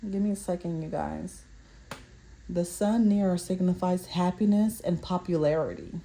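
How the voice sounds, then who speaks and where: Reading card meanings aloud for a collective fortune reading, this tarot reader speaks a little slowly in a lowish, dark-toned voice. She trips over words at times and repeatedly asks viewers "okay?" to check in.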